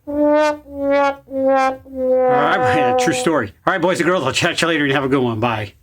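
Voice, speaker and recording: A man's voice: fairly high pitch, expressive, racing, fairly bright tone, soft background music. A man telling corny jokes in an upbeat, playful comedy bit.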